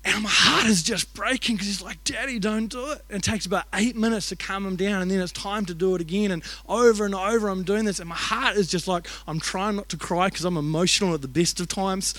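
Preaching at a church, this man has a high, slightly bright voice, speaking fairly quickly with hardly any pauses on a dry recording. He shares a personal story in an earnest, chatty sermon, leaning heavily on "like" and asides.

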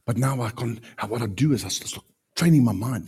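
A man preaching a sermon as pastor, emphatic, with sudden loud peaks. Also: medium pitch, animated, normal speed, breathy edge.

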